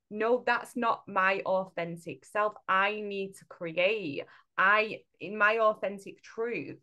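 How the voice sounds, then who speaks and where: A woman's voice: medium pitch, fairly bright tone. A woman co-hosting a podcast as a spiritual coach, talking in an earnest, reflective way with many fillers and restarts. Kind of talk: casual podcast chat.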